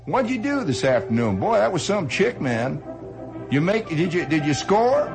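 A man's voice: on the high side, big pitch swings, moderate pace, gravelly, music in the background, voice pushed up. A man putting on a nosy, slangy young soldier in a story, firing off pushy questions. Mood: eager.

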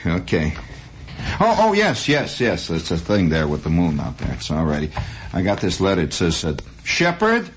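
A man's voice: a bass voice, fairly quick, a little hiss or hum. A man hosting a radio show, musing in a rambling monologue with frequent restarts and asides. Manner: musing, digressive storytelling with many restarts. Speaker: radio host.

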